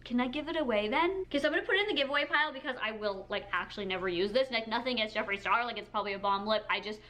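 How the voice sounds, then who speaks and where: A young woman in her twenties excitedly unboxing and trying on makeup at home, gushing and peppering her talk with "like" and "oh my God.". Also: a little high, rapid-fire. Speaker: beauty vlogger. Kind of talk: casual product unboxing. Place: indoor room with colored backdrop.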